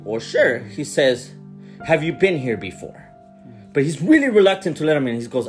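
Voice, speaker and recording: A man's voice: mid-range voice, moderate pace, soft background music. A man casually retelling a strange movie scene by scene, incredulous and swearing as he goes. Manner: animated, incredulous storytelling with swearing. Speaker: podcast co-host. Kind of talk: casual movie recap chat.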